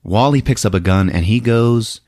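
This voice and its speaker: A man hosting a podcast, casually recapping a film in an animated way, laughing often and acting out the lines. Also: on the low side, moderate pace, no room sound. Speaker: podcast host.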